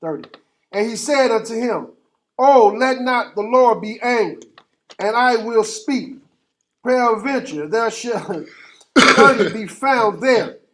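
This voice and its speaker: A man reading scripture aloud in a Bible class, steady and formal, going through old-fashioned verse verse by verse. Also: very high-pitched, slow. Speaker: scripture reader.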